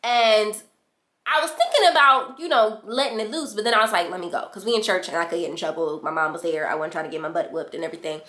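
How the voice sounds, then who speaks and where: A young woman vlogger telling a storytime in casual chat, animated and slangy, acting out what others said. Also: mid-range voice, fast. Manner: animated, slangy, acts out quotes. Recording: echoey room.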